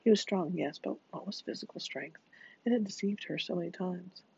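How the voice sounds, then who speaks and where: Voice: medium pitch, a little fast, creaky, darkish tone, slightly rough. A narrator reading a novel aloud in a dramatic way, often dropping into whispers, in a dull lo-fi recording. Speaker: audiobook narrator.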